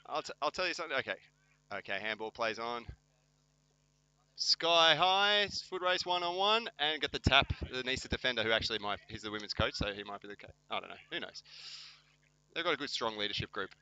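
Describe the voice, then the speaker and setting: A man's voice: lowish voice, fast talker, sharp tone, lo-fi sound. A man giving joking amateur commentary at a local football match, wry, self-mocking and teasing his co-host.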